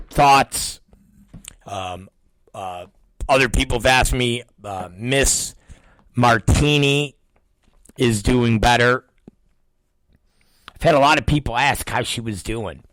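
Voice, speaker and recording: A man's voice: lowish voice, fairly bright tone. A man hosting his own show, telling stories in a profane, ranting monologue. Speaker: show host. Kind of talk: casual podcast monologue.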